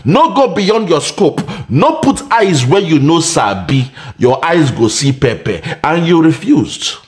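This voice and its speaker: Taunting Nigerian man, lively pitch. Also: measured pace. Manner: laughing, taunting, sing-song. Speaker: online commentator. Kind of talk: mocking commentary on a clip.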